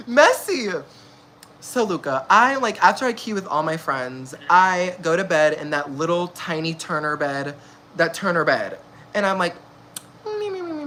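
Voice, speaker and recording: A woman's voice: fairly low pitch, pushed and bright, slight background noise. A young woman in her early twenties telling a messy gossip story in casual chat, slangy and laughing often. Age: young adult. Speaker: vlogger.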